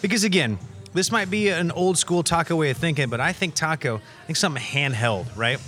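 A man's voice: fairly high pitch, brisk, fairly bright tone, soft background music. A man who is a parent and a guest podcaster chatting playfully about food at a restaurant. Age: adult parent. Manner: playful, jokey. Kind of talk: casual chat. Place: restaurant on location.

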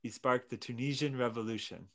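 A man's voice: medium pitch, fairly quick. A man co-hosting a casual podcast, telling a story in a laid-back, hesitant way with many fillers. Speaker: podcast co-host. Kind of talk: casual chat.

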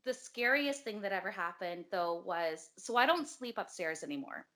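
A woman's voice: medium pitch, expressive, normal speed, sharp tone, a little hiss or hum. A woman in casual chat, telling her story animatedly with lots of filler words and some swearing. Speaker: guest telling a ghost story.

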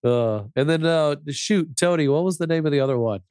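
A man's voice: a little high, fairly quick, a little mellow, clean tone, no echo, studio quality. A man co-hosting a podcast in casual chat, rambling with lots of fillers and frequent laughs. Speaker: podcast co-host.

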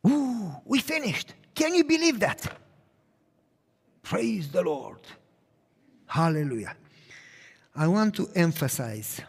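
Earnest male preacher, higher voice, emphatic then hushed; recorded with long hall reverb. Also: big pitch swings, takes it slowly, creaky, long pauses. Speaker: pastor. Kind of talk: sermon.

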